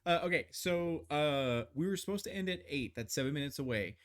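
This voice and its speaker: A man's voice: a little high, animated, brisk. A man running a tabletop game as game master, narrating loosely with many fillers and restarts. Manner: rambling, filler-heavy narration.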